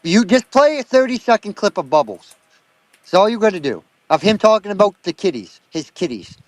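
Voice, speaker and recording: A man's voice: high voice, sing-song, fairly quick, no echo. A man in his thirties with a Down East Maine accent, telling stories bluntly and with lots of swearing in casual chat. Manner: blunt, profane storytelling.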